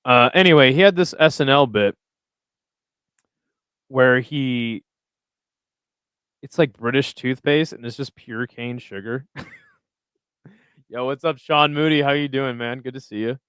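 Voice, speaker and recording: A man's voice: mid-range voice, slow pace, long pauses, a bit bright, clear, resonant tone, dry recording. A young man hosting a live stream, chatting casually and reading viewer comments aloud in a loose, profane, rambling way. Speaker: livestream host reading chat.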